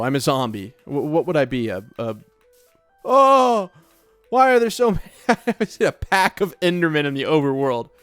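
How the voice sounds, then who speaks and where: A man with a slightly high voice gives casual gameplay commentary for a let's play. He is chatty and nervous and keeps talking to himself. Faint music plays behind him. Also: fairly bright tone, no echo. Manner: chatty, nervous self-talk.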